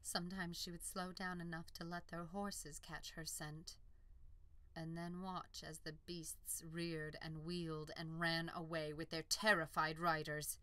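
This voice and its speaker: A woman reads a fantasy story in a calm, measured way. Her voice sits a little low but sounds bright and crisp, and she takes her time. The recording is close and dry. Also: no echo. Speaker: audiobook narrator. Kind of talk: scripted narration.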